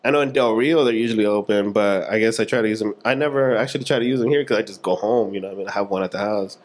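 A man's voice: lowish voice, rapid-fire. A young man co-hosting a podcast, chatting in a laid-back way, swearing casually and acting out dialogue from his stories. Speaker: podcast co-host. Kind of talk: casual chat.

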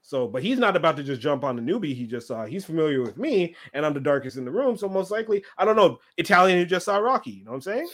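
A man's voice: fairly high pitch, very animated, fast talker, hardly any pauses, fairly bright tone. A man telling a long story in casual chat, rambling and filling his speech with "like".

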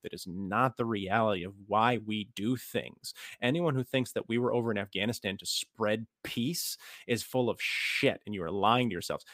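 A man's voice: lowish voice, no room sound, studio quality. An American man in a casual podcast chat, ranting about history and politics with sarcasm and frequent swearing. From United States.

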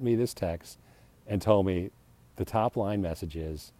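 Speaking a little slowly in a low, mellow voice, a man muses to himself on his solo podcast in a self-deprecating, rambling way. He keeps restarting sentences, laughs a lot, and plays out heated retorts, all on a dry recording.

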